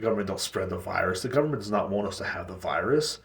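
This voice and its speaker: A man's voice: low-pitched, lively intonation, fast, creaky, far from the mic. A man hosting a solo podcast, ranting in a profane, rambling way with frequent restarts. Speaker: podcast host. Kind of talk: casual solo podcast rant. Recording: echoey room, off-mic.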